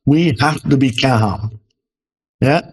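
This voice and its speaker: A man's voice: mid-range voice, takes it slowly, breathy edge, rough recording. A man co-hosting a podcast as a leadership expert, talking casually with fillers and restarts. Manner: conversational, many fillers and restarts.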